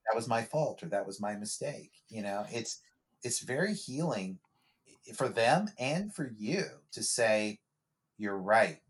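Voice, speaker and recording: A man's voice: medium pitch, animated, a little slow. Reflective man talking as a therapist. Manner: reflective, frequent restarts and repeated words. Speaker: therapist guest. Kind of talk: casual podcast conversation.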